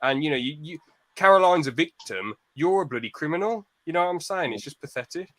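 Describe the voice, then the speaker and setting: A man's voice: fairly high pitch, animated, brisk, a bit bright. A young British man hosting a podcast, ranting bluntly in casual chat and swearing freely. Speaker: podcast host.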